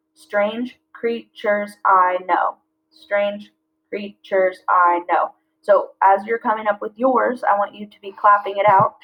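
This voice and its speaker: A woman teaching a class, reading lines slowly and clearly and breaking words into syllables. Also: mid-range voice. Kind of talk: classroom lesson. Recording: slightly dull lo-fi audio.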